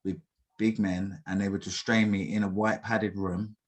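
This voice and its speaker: Low flat-voiced man. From England. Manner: halting, with many fillers and restarts. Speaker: interviewee. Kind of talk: personal testimony in an interview.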